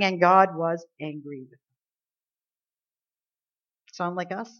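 A woman's voice: fairly low pitch, fairly even intonation, slow, pauses often, a bit bright, lo-fi sound. A woman preaching a sermon in a conversational way, acting out pleading and complaining voices as she tells the story. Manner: conversational preaching, rising into acted pleas and complaints.

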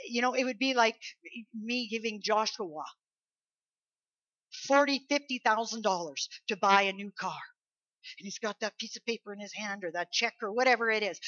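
A woman's voice: medium pitch, bright, forceful tone, no room sound. A woman preacher giving a sermon, talking emphatically and conversationally and asking the congregation rhetorical questions. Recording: dull lo-fi recording.

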